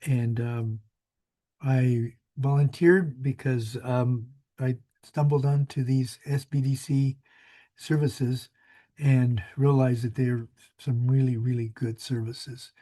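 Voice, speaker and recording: A man's voice: medium pitch, steady tone, slow pace, warm tone. A man in his sixties, a small business advisor, giving a friendly, rambling webinar presentation with many fillers.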